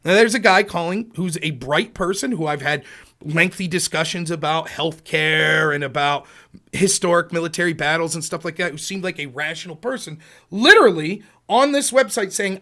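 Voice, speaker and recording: A middle-aged man hosting a political talk show, telling stories and acting out quotes with sudden jumps in pitch and volume. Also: moderate pace, sharp tone. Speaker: podcast host. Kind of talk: political commentary, storytelling.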